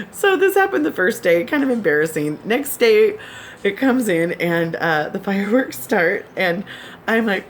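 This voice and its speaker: A woman's voice: medium pitch, very animated, measured pace, slight background noise. Giggly woman chatting to her subscribers. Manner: giggly, laughs often while telling stories. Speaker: vlogger. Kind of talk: casual chat to subscribers.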